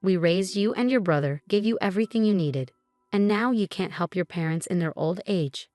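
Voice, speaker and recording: Woman doing a scheming older mother-in-law, sweetly dismissive, low voice, dry sound. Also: normal speed, darkish tone, no echo, soft background music, natural voice. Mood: sweetly pushy.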